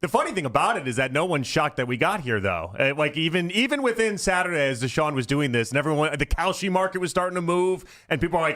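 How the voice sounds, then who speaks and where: Brief: a male American sports radio co-host, rapid and offhand, with a slightly higher voice, in the studio. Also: animated, a bit bright. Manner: quick, casual and dry, with frequent "like" and "uh".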